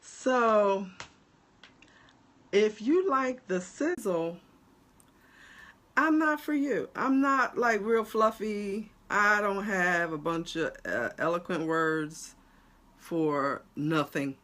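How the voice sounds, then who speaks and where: Speaking at a slow pace with long pauses, this medium-pitched woman is a life coach from New Jersey with the state's accent. She chats casually to her livestream viewers in a blunt, animated way. Frequent laughs punctuate her direct talk to the audience.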